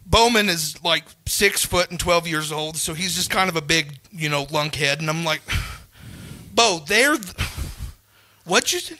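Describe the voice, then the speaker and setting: A man's voice: on the high side, lively intonation, measured pace, pushed and bright, no echo. A man in his thirties co-hosting a comedy podcast, telling a family story in a worked-up way and acting out the voices. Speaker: podcast co-host.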